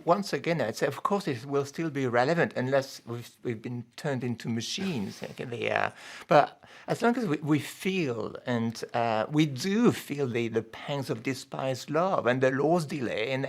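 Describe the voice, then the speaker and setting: Academic guy on a radio interview, gravelly voice, halting, keeps repeating words. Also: mid-range voice, lively intonation. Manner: halting, thoughtful, many repeats and small laughs. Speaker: academic guest.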